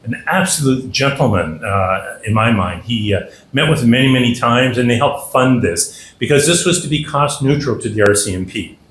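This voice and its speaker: A middle-aged man from Canada tells a humorous story at a dinner, with a folksy, easygoing delivery. His voice has an ordinary mid-range pitch. It echoes around a banquet room over a faint murmur of ambience. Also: lively intonation, normal speed, a bit bright, a little hiss or hum. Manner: folksy, humorous, acts out the people in his stories. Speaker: after-dinner guest speaker. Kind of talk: anecdotal storytelling speech. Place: dinner hall.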